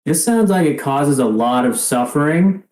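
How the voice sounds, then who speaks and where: A man's voice: fairly high pitch, expressive, moderate pace, darkish tone. Man in a roomy space, dry game chat. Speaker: player. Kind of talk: casual tabletop game chat.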